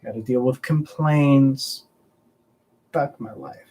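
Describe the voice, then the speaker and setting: A man's voice: medium pitch, measured pace, darkish tone, low-quality recording. A young man from the American South, hosting a casual live stream and chatting loosely with viewers, rambling and swearing freely. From Southern United States. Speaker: collectibles channel host.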